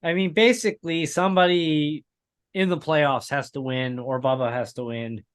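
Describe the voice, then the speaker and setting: This racing podcast co-host sounds clear and resonant, with a slightly high, steady voice at normal speed. His casual chat runs to long, rambling tales with lots of chuckling.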